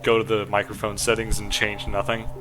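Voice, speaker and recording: A man's voice: fairly low pitch, monotone, fairly quick, music in the background. Rambling young male streamer. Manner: rambling, casual, swearing, many fillers. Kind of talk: casual game story recap.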